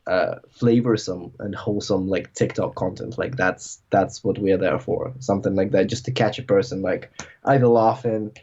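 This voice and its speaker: A man's voice: sits low, steady tone, normal speed, darkish tone, husky. Man, podcast guest, loose rambling talk, dull lo-fi sound. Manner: rambling, filler-heavy, lots of "like". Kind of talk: casual podcast chat. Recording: dull lo-fi audio.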